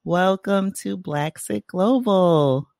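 A woman's voice: lowish voice, takes it slowly, vocal fry, a little mellow, no echo, clean studio sound. A woman with a Bronx accent hosting a podcast interview, upbeat and enthusiastic. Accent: Bronx New York. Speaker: podcast host. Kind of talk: casual interview chat.

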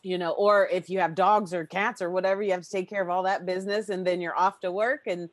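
Low-voiced woman hosting a podcast. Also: steady tone, quick pace, no echo. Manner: rambling, emotional, lists lots of questions. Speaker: podcast host. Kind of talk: casual podcast chat.

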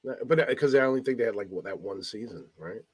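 A man's voice: fairly low pitch, lively intonation, a little mellow, husky, no room sound, rough recording. A man co-hosting a podcast in casual chat, telling rambling, jokey stories. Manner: fast, rambling storyteller, jokey. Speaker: podcast co-host.

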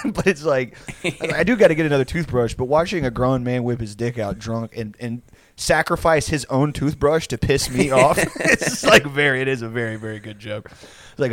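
A man's voice: mid-range voice, lively intonation, moderate pace, a bit bright, no echo. A man in his late twenties telling a rambling, profane story in casual chat and laughing through it. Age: 20s.

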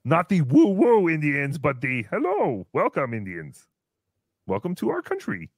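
A man doing a squeaky boastful comic character. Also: huge pitch swings, a little slow, no room sound, clean studio sound, full character voice. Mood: chatty. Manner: refers to himself in third person, brash and mocking. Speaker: show host character. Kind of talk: livestream comedy banter.

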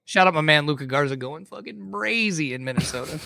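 A man co-hosting a podcast, talking about basketball in an animated, casual way, swearing freely. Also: fairly high pitch, brisk, creaky, dry recording. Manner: animated, swears, says dude. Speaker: podcast co-host. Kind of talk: casual sports talk.

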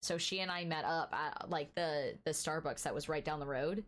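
A woman co-hosting a podcast, telling a story in a casual, animated way and filling her speech with "like". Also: low-pitched, normal speed. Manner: animated storyteller, heavy use of "like", acts out dialogue. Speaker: podcast co-host.

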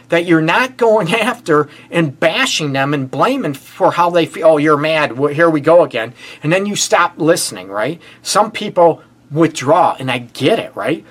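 A middle-aged man from the Detroit area hosting a casual relationship advice show, blunt and animated, often calling his listeners "people". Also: on the high side, breathy edge. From Detroit area, USA. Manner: animated and blunt, addresses listeners as "people", frequent "you know what". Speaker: relationship counselor and show host.

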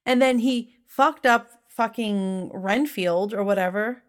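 A woman's voice: mid-range voice, slow. A woman co-hosting a casual podcast chat about a film, emphatic and swearing freely. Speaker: podcast co-host reviewing a film.

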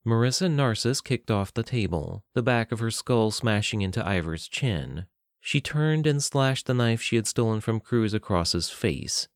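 A man reading a fantasy story aloud as narrator, in a steady, measured way. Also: fairly low pitch, no room sound, clean studio sound.

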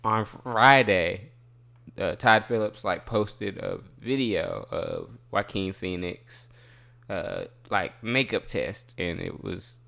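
A man's voice: deep voice, sing-song, slow pace, creaky, pushed and bright. A man co-hosting a casual podcast, laid-back and chatty, who laughs often and trails off mid-sentence. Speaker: podcast co-host. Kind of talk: casual chat.

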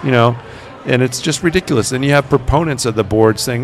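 A man, a paranormal investigator, telling stories in a relaxed interview and acting out the quoted voices. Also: mid-range voice, fairly quick, soft background music. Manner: animated, acts out quoted voices. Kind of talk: conversational interview storytelling.

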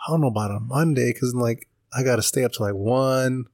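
A man's voice: mid-range voice, fairly quick, a little mellow, no echo. Man, podcast co-host, casual chat, laid-back, says dude a lot, dry sound. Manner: easygoing, agreeable, says dude and bro a lot.

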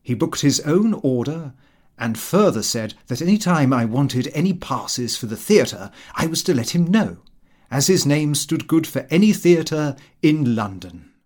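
A man reading a comic diary aloud as an audiobook, with expressive, lively delivery. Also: fairly high pitch, unhurried. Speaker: audiobook reader. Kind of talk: scripted narration of a comic diary.

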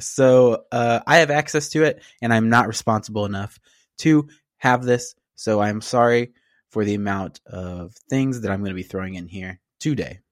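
A man's voice: medium pitch, dry recording, clean studio sound. Upbeat male podcast co-host. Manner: upbeat, laughs often, runs the show segments. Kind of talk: casual chat.

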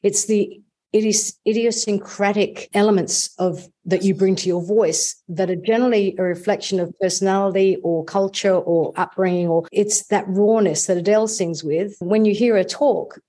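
Woman, voice teacher, panel chat, animated, restarts sentences, dark mellow tone. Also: mid-range voice, normal speed. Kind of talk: casual panel discussion.

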